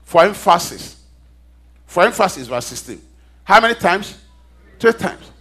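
A man preaching a sermon, emphatic and animated, asking the congregation questions for them to answer. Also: high-pitched, a little slow. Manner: call-and-response questions to the congregation.

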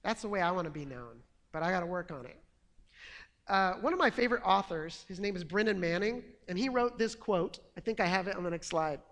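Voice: mid-range voice, expressive, a little fast, fairly bright tone, long reverb tail. A preacher giving a conversational sermon. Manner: conversational, reading a quote aloud.

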